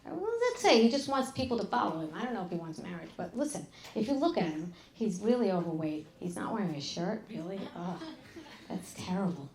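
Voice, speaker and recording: A middle-aged woman doing a live stand-up set, brash and profane, with deadpan asides. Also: lowish voice, fairly quick, roomy sound. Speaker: stand-up comedian. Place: club stage with an audience. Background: audience laughter.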